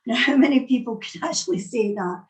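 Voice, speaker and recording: A woman's voice: on the high side, animated, a little fast, rough recording. A middle-aged woman with a Scottish accent, giving an earnest talk over a video call and repeating phrases as she searches for words. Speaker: psychic speaker.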